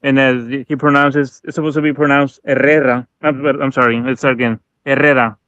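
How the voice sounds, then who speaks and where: A man chatting casually on a live stream, relaxed, explaining how to pronounce names. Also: medium pitch, a little fast, smooth, no echo. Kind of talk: casual chat. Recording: dull, dry lo-fi stream audio.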